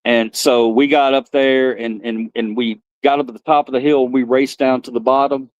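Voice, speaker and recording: A man's voice: medium pitch, steady tone, moderate pace, highs cut off. Rambling middle-aged man streaming. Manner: rambling storyteller, laughs at himself. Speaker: livestream host. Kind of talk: casual live-stream chat.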